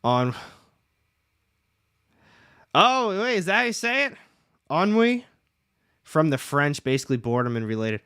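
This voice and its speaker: A man's voice: a little high, sing-song, normal speed, long pauses, sharp tone, clean tone, no room sound, clean studio sound. A young man hosting a casual comics livestream, chatting, reading out the chat and joking at his own expense. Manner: chatty, reads chat aloud, jokes at himself.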